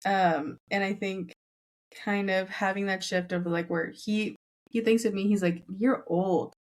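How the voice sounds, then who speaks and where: A young Southern California woman speaks at a measured pace in a mid-range voice with a steady tone. She's a casual podcast guest, chatty and full of fillers, leaning hard on "like" and acting out her family members' lines in easygoing conversation.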